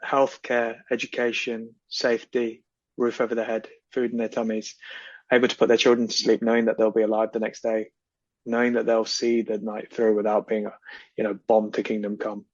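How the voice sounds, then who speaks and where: A man talking as a guest on a casual podcast, earnest and impassioned, often repeating phrases for emphasis. His voice is husky and mid-pitched. The audio is dry and close, with a slightly dull, lo-fi sound. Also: monotone, moderate pace, dry recording.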